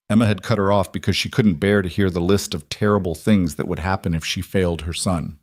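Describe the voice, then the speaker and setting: Male storyteller, low register, steady somber read, dry close sound. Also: fairly quick, hardly any pauses, no echo. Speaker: narrator. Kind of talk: scripted story narration.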